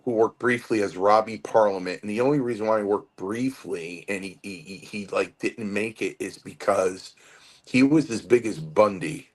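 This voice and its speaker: A man's voice: lowish voice, normal speed. A man in his fifties, from Connecticut, telling a long wrestling-school story in an interview with many restarts. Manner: rambling, animated storytelling with restarts. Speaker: guest wrestler.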